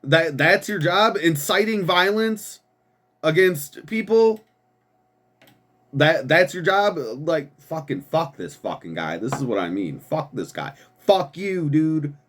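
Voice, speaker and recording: Profane, ranting male commentary host. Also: a little high. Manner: profane, ranting, repeats words, laughs scornfully; reads quoted statements in a quick flat voice. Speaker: political commentary show host. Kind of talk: angry political commentary, reading and reacting to statements.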